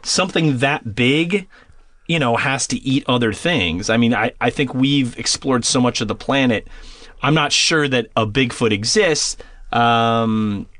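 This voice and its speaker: A man in his thirties, a podcast guest, telling a story in casual chat, animated and swearing freely. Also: mid-range voice, unhurried, no echo.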